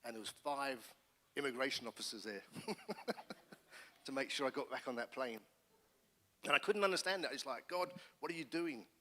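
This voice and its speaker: A middle-aged man, a pastor, giving his testimony in church with earnest, animated storytelling. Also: medium pitch, normal speed, long pauses. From England. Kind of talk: personal testimony sermon. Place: church hall. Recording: long church hall reverb.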